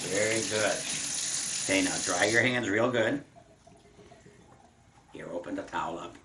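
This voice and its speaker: Older guy, kinda low voice, walking a kid through a recipe in the kitchen, patient and encouraging, dishes clinking faintly. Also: unhurried, noisy background. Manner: patient, encouraging, step-by-step instruction. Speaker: home cook teaching a grandchild. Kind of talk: casual cooking lesson. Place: home kitchen.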